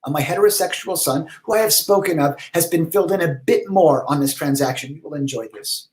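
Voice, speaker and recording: A man voicing an eccentric, pompous, flamboyant letter writer in a high, theatrical voice with drawn-out words, reading letters aloud for comedy. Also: a little mellow, close to an everyday voice, poor audio. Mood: grandiose.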